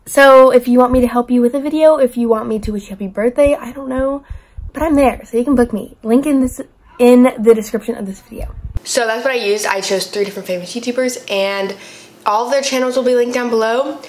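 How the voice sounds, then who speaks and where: A young woman in her twenties chatting casually to camera as a vlogger, with plenty of fillers. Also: a little high. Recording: echoey room with faint noise.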